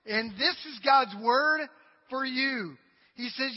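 A male pastor preaching a sermon to his congregation, dramatic and humorous, swinging from loud cries to quiet asides. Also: very high voice, slow. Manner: humorous, addresses the congregation directly. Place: church sanctuary. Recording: dull recording with long hall reverb.

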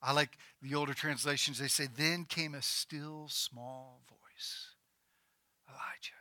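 Bright-voiced male pastor preaching. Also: fairly high pitch, fairly even intonation, a little slow, no echo. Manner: dramatic, acts out quoted voices, rising to near shouts. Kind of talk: sermon.

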